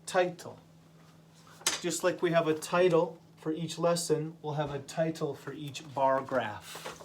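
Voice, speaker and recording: A man teaching a vocabulary lesson to English learners, speaking slowly and patiently and repeating each word. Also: fairly high pitch, steady tone, slight background noise.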